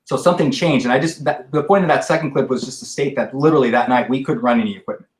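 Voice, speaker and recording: A man's voice: mid-range voice, fast talker, roomy sound, poor audio. A man on a paranormal podcast, rambling through explanations with restarts and asides. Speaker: paranormal investigator guest. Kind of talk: casual podcast discussion.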